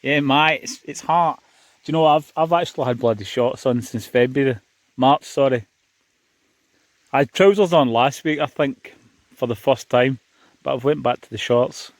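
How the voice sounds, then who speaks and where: A man's voice: mid-range voice, normal speed, long pauses, no room sound. A man with a Scottish accent, chatting casually to viewers while wild camping outdoors on a beach. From Scotland. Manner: chatty, addresses viewers as guys. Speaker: vlogger. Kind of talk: casual outdoor vlog chat.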